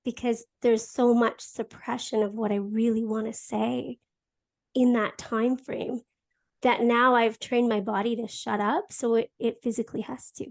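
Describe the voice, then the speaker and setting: A woman's voice: a little high, level tone, a little slow. A young woman hosting a casual conversation, talking candidly, laughing often and restarting her sentences. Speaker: podcast host.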